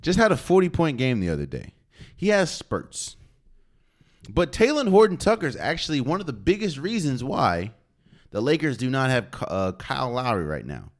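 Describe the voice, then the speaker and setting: A man's voice: medium pitch, huge pitch swings, moderate pace. A man hosting a solo sports podcast, talking casually and opinionated, with slang and rhetorical questions. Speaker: podcast host.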